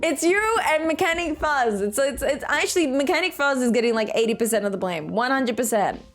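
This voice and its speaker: A woman casually chatting as a game streamer, playful and teasing and quick to laugh. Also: high voice, animated, faint music behind. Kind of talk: casual live-stream commentary.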